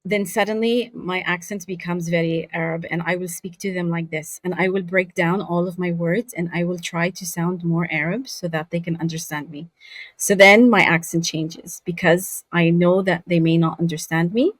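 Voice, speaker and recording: A woman raised in Saudi Arabia, a voice actor guesting on a casual interview, tells stories in a candid, animated way. Her voice is fairly low in pitch, with no room sound.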